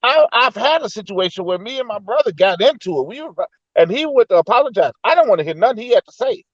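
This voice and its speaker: A man in a casual talk, thinking out loud and telling personal stories to make his point. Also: high voice, very animated, fast, no room sound, muffled recording. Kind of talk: casual debate.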